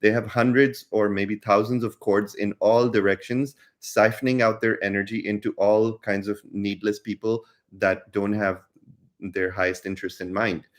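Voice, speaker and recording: A man's voice: lowish voice, little pitch movement, moderate pace. A man co-hosting a casual spiritual talk, earnest and explanatory, repeating phrases for emphasis. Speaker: spiritual teacher and co-host.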